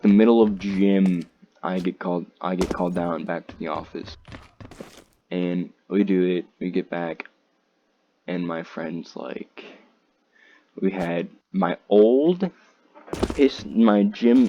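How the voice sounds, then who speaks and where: Teen guy, very low voice, rambling slangy storytime, dull lo-fi audio with faint hiss. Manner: rambling, slangy, quotes others in raised voices. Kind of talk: casual storytime.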